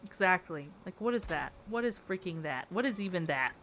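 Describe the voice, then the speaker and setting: Young female streamer, bright tone, casual chat, quick exasperated reactions. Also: fairly low pitch, animated, slight background noise. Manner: playful, exasperated, reacting to chat with frequent laughter. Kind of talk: casual live-stream chat while building in a game.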